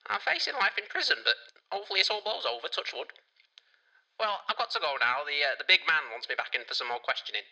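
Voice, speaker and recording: A man's voice: a little high, sing-song, fast talker, bright, forceful tone, exaggerated voice, low-quality recording. A man voicing a flustered, breezy middle-aged aunt who has landed in jail. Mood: cheerfully flustered.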